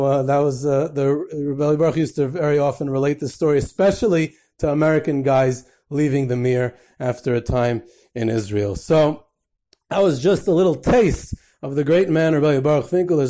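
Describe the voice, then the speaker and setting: A man hosting a podcast tells anecdotes in a slightly high, warm voice at a moderate pace. His storytelling is full of fillers and sprinkled with Yiddish phrases.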